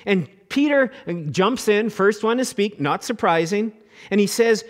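Middle-aged guy preaching, lively, acts out the quotes, bit high pitched. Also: unhurried. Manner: animated, acts out quoted voices, repeats words. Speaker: pastor. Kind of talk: sermon.

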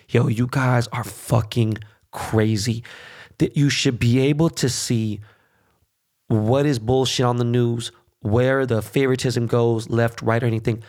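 A man's voice: mid-range voice, a little mellow. Man ranting profanely on a podcast. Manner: heated, swearing constantly, repeats "okay?". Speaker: podcast host. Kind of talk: profane political rant.

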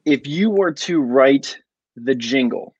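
A man's voice: medium pitch, lively intonation, slow pace, darkish tone, breathy edge, no echo, muffled recording. A man joking around as a caller before asking his question on a live stream.

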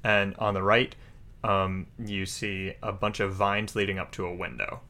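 A man narrating a tabletop game as game master, casual and halting as he describes the scene. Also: low-pitched, fairly even intonation, sharp tone. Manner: casual, hesitant with fillers.

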